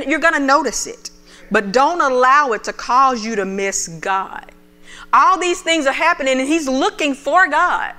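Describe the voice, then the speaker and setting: A woman minister preaching a sermon, acting out the prophet's words with animated feeling. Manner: animated, acts out the prophet's pleas in a raised voice; reads scripture aloud in a lower, measured voice. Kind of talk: sermon with scripture reading.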